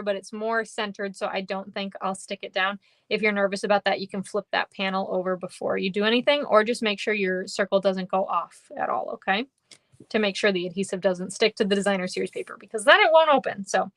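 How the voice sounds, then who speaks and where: A woman's voice: medium pitch, a bit bright. A woman running a live card-making tutorial, chatty and upbeat, thanking viewers by name as she works. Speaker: papercraft demonstrator. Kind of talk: live-stream craft tutorial.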